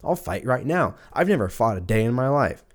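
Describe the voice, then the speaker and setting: Animated profane man in his thirties. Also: mid-range voice, fairly quick. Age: 30s. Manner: profane, rambling, jokey, puts on silly voices for quotes. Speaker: podcast host. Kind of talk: casual solo podcast rant.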